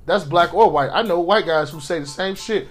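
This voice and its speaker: A man's voice: fairly high pitch, normal speed, faint music behind. A man co-hosting a podcast, arguing passionately and profanely in casual discussion, acting out quotes. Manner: impassioned, acts out quotes of police and victims; profane, repeats words when restarting. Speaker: podcast co-host.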